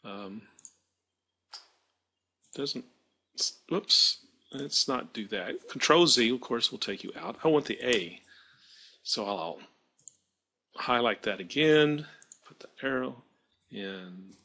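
A man teaching math, talking through a screen-recorded software demonstration and correcting his slips aloud as he works. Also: mid-range voice, lively intonation, slow pace, pauses often. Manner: thinking aloud while working, self-correcting.

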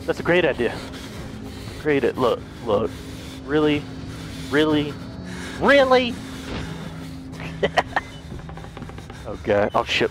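Over music, a young man plays a horror game and commentates live as a let's play gamer, swearing a lot and yelping when something startles him. His voice is a little high and sing-song, a little slow, with frequent pauses.

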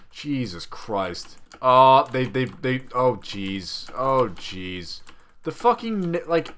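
A young man from Australia hosting a gaming video, swearing constantly and yelling at the characters on screen. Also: medium pitch. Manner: excitable, swears constantly, yells at game characters. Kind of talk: profane gameplay commentary.

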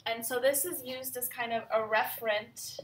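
A woman's voice: on the high side, steady tone, moderate pace. A woman teaching a recorded grammar lesson, explaining step by step with frequent "right?" and "um". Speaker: Spanish teacher.

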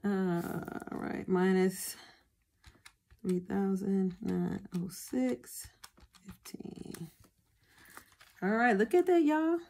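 A woman's voice: medium pitch, very slow, gravelly, pauses often, dark tone. Chatty woman budgeting vlogger. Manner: chatty, addresses viewers as y'all. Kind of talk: casual chat to viewers.

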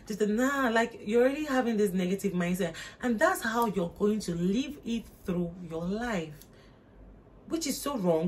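A young woman, giving emphatic, repetitive motivational advice to her viewers in a casual vlog. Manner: emphatic, preachy, repeats points, rises in pitch for emphasis. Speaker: motivational vlogger. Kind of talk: casual motivational talk to camera.

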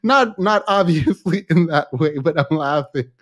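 A man's voice: fairly high pitch, lively intonation, a little slow. A man hosting a casual commentary show, chatty and often laughing between his remarks. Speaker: host.

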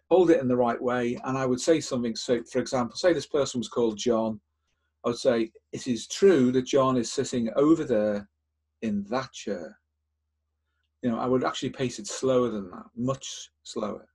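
An older man with a husky, slightly breathy voice talks as a podcast host. He explains a technique patiently, one step at a time. He often restarts a phrase or repeats a word as he goes. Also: medium pitch, darkish tone. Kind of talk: instructive podcast talk.

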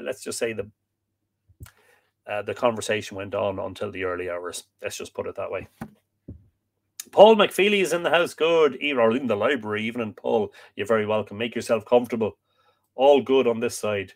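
On a laid-back live stream, an Irish man with a mid-range voice reads passages from an old history book aloud. He yawns, sounds drowsy, trips on tricky names, and pauses to welcome viewers with light jokes.

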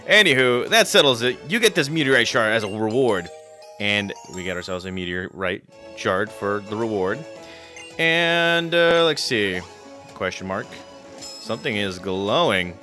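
A man narrating his video game playthrough in a chatty, excitable way, tripping over words and restarting often. His voice is fairly low in pitch but carries a bright, forceful edge. Faint music plays underneath. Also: a little slow. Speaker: let's play commentator.

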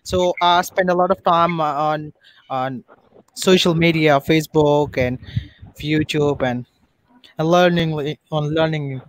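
A man's voice: a little high, fairly even intonation, a little slow, low-quality recording. A man from Pakistan with a Pakistani English accent, hosting an online English speaking class over a video call and repeating his advice with encouragement. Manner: encouraging, repeats points insistently.

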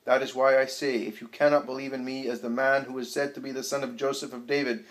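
A solemn grown preacher who declaims his words to a crowd, read out by a man. His voice sits at a middling pitch and stays grave and commanding throughout. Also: level tone, normal speed, lightly acted, low-quality recording. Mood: declaiming.

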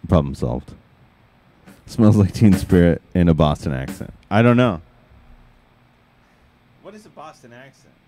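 A man's voice: sits low, big pitch swings, a little slow, pauses often, warm tone, slight background noise. A man chatting casually between songs on a live music stream, joking about doing a silly accent. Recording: music playing behind.

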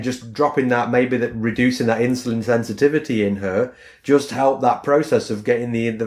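A man co-hosts a fitness podcast and talks it through in a loose, rambling way, returning to "again" over and over. His voice sits at an ordinary middle pitch. The room around him gives a clear echo. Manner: rambling, repeats "again" as a filler. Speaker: podcast co-host, fitness coach. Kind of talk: casual explanatory podcast chat.

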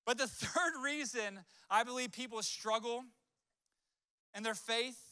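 Male pastor, story-driven sermon; bright tone, dry sound. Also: extremely high pitch, clear, resonant tone, no echo. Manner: conversational storytelling with acted-out quotes.

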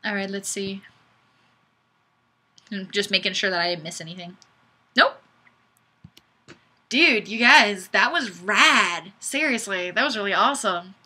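Bubbly, lively young woman streamer. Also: medium pitch, a little slow, pauses often, slightly rough. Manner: playful, giggly, reads viewer comments aloud. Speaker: livestream host. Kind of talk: casual livestream chat. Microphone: webcam.

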